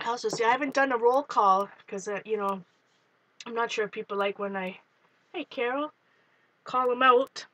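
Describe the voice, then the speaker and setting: A woman's voice: on the high side, moderate pace, pauses often, a bit bright, muffled recording. A woman hosting a live art journaling stream, chatting casually and greeting viewers by name while she works. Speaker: art journaling livestream host.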